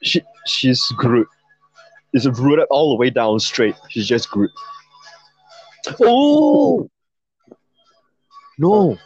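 A man's voice: mid-range voice, slow pace, husky, dry recording, lo-fi sound, faint music behind. A man co-hosting a casual podcast, joking crudely and swearing a lot. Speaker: podcast co-host. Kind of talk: casual chat.

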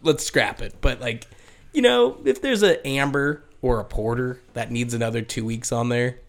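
A man's voice: mid-range voice, moderate pace, creaky. A man in casual chat, telling stories from the beer trade and acting out quotes with laughter. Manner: storytelling, animated quotes, laughs often. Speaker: brewery sales rep.

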